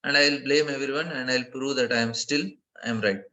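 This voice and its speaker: A man giving a devotional class lecture, earnest, often repeating phrases and laughing softly between points. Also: medium pitch, fairly even intonation, fast talker, poor audio. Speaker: speaker giving a scripture class.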